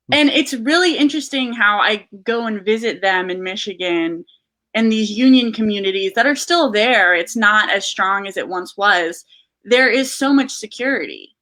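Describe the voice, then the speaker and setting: Bright-voiced woman co-host. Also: mid-range voice. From Southern Virginia. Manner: earnest, conversational storytelling. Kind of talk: casual political chat.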